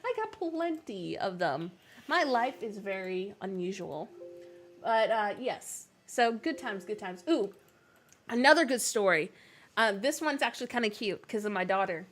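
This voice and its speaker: A woman's voice: medium pitch, big pitch swings, measured pace, a bit bright, soft background music. A young woman, chatting casually on a game stream and telling family stories between laughs. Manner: chatty, laughing often, many fillers.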